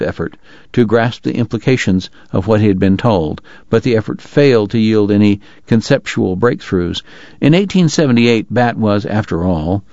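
A man reading an audiobook with wry, measured storytelling. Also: on the low side, darkish tone, no room sound, muffled recording. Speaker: audiobook narrator. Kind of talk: scripted narration.

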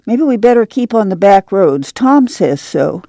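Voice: medium pitch, very animated, measured pace, vocal fry, mellow, dry recording. A reader voicing a firm, decisive mother of a fleeing farm family, in rural dialect.

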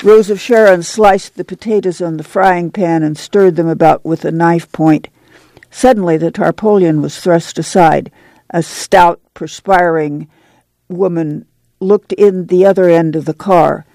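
Gravelly, mellow woman narrator. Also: lowish voice, unhurried, no echo. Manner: steady, even storytelling. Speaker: audiobook narrator. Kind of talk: scripted narration.

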